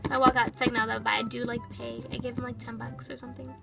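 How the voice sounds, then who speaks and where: A woman's voice: fairly high pitch, flat delivery, quick pace, creaky, over music, low-quality recording. A woman voicing a sassy, impatient pet toy girl, narrating a toy storytime with sarcastic, valley-girl chatter.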